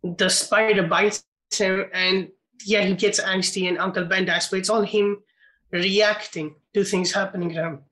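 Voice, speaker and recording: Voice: mid-range voice, fairly even intonation, measured pace, a bit bright, rough recording. A podcast co-host talking casually and bluntly about a film, swearing freely.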